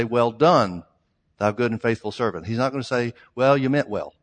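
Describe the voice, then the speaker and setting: A man preaching a sermon, emphatic, stretching out the scripture lines he reads. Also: medium pitch. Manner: emphatic, reads scripture in old-style phrasing. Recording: long hall reverb.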